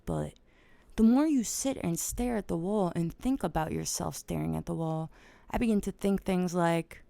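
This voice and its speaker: A woman hosting a podcast, talking through ideas casually from home at night, bursting into loud excited swearing at times. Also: mid-range voice, vocal fry, dry recording. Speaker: podcast host. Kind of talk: casual explainer monologue.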